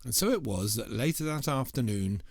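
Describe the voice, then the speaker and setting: A man's voice: mid-range voice, lively intonation, normal speed, husky, dry recording, studio quality. A man telling a folk tale aloud as an oral storyteller, in a rhythmic way that includes spoken sound effects.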